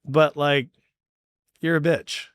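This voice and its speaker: A man hosting a podcast in casual chat, talking bluntly with lots of swearing and quick bursts of speech. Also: on the high side, flat delivery, fairly bright tone, smooth, no room sound, studio quality. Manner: blunt and profane, fast bursts. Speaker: podcast host.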